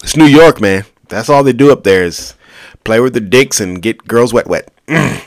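A man hosting a solo podcast has a mid-range voice, lively intonation and normal speed, recorded dry in clean studio sound. He rambles casually with crude jokes, making asides to himself as he scrolls.

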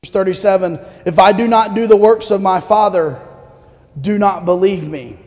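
Speaking at a moderate pace, a pastor gives a conversational sermon and asks the congregation questions along the way. His male voice is fairly high and mellow, echoing with the long reverb of a church sanctuary.

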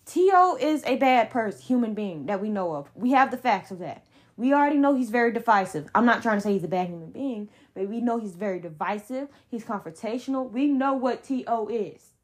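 A woman's voice: fairly high pitch, animated, brisk. A young adult woman hosting a solo sports podcast, ranting in a heated, emphatic way with blunt slang. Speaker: podcast host.

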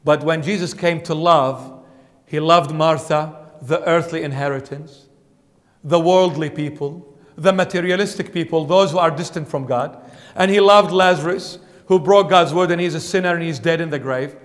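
A man's voice: fairly high pitch, normal speed, long reverb tail. A man, a bishop, preaching a sermon emphatically and putting questions straight to his congregation. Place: church.

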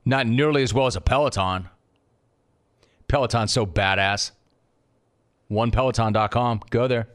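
A man hosting a sports talk radio show, bantering in an animated, mocking, rapid-fire way. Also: mid-range voice.

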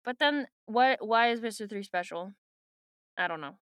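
A woman's voice: on the high side, animated, moderate pace, a bit bright, smooth, no room sound, studio quality. A woman co-hosting a podcast in casual book-club chat, talking with lots of fillers and offhand swearing. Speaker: podcast co-host.

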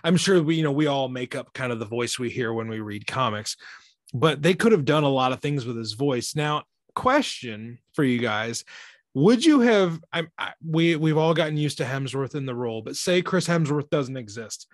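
A man's voice: mid-range voice, expressive, moderate pace, no room sound, clean studio sound. A man co-hosting a casual movie chat, musing aloud, asking questions and laughing easily.

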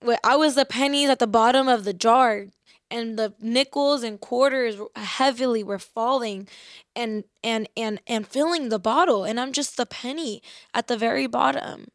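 A woman speaking earnestly and reflectively about faith, slowly reading scripture verses aloud. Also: a little high, no room sound, studio quality. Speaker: faith podcast host.

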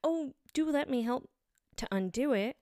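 A woman's voice: high voice, expressive, normal speed, darkish tone, no room sound, studio quality, pitched above the performer's own voice. A woman voicing a polite, curious young girl in a storybook reading, humble and eager.

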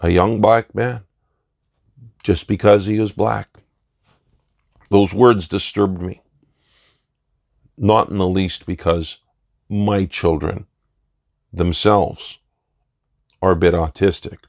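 A man giving an earnest opinion monologue in deliberate short phrases. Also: sits low, fairly even intonation, gravelly, darkish tone, dry recording, studio quality. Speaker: commentator.

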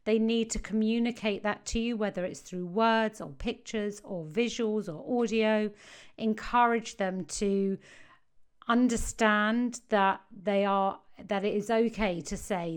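A woman's voice: medium pitch, unhurried, clean tone. A woman, a parenting coach giving earnest advice to parents and stressing key phrases.

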